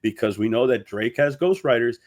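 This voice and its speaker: A man delivering a steady, argumentative opinion segment in a commentary video. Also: mid-range voice, a little fast.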